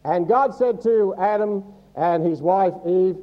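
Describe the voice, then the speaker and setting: A man's voice: high voice, slow pace, hardly any pauses, highs cut off. A male pastor preaching a sermon to a congregation, teaching from the Bible and quizzing the listeners with humorous asides. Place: church service before a congregation.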